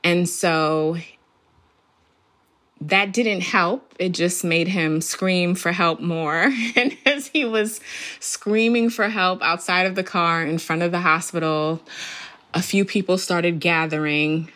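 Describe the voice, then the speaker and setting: A middle-aged woman calmly recounting a birth story, reflective and laughing softly at moments. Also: on the low side, takes it slowly. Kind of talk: storytelling interview.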